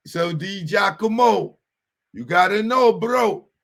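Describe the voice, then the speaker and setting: A man putting on a gravelly Italian-American mob boss. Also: high-pitched, pitched above the performer's own voice, exaggerated voice. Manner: conspiratorial, wheedling mob-boss talk. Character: tough Italian-American mafia man, scheming.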